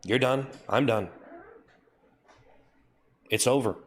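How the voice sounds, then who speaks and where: A man's voice: mid-range voice, slow. A man streaming live, reading chat and scolding his viewers in a mock-stern, repetitive way. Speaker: livestreamer.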